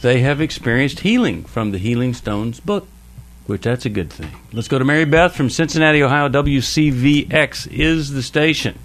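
Man, radio host, call-in show, easygoing, mid-pitched voice. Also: lively intonation, moderate pace, fairly bright tone.

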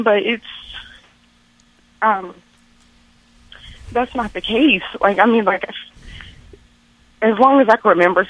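A woman's voice: on the high side, dry recording. Tearful female caller on a muffled line. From Texas. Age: adult. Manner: hesitant, halting, many fillers. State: close to tears. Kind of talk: call-in radio conversation. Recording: muffled phone-line call.

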